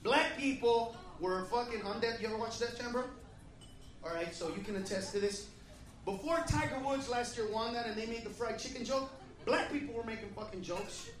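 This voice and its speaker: A man doing a loud, crude stand-up routine, confronting the audience. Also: very high-pitched, normal speed. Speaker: stand-up comedian. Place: comedy club stage. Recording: echoey club from a distant mic, crowd laughter. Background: audience laughing.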